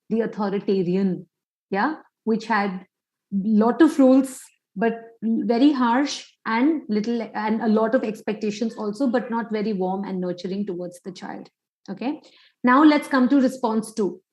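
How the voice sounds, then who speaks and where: A woman's voice: mid-range voice, a little mellow, reverberant, poor audio. A woman psychologist giving an online parenting workshop, quizzing listeners with many questions.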